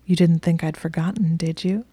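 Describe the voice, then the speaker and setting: A woman's voice: fairly even intonation, moderate pace, dark tone, dry recording. A woman whispering as a smug young wizard man. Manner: taunting, low and breathy. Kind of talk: whispered role-play.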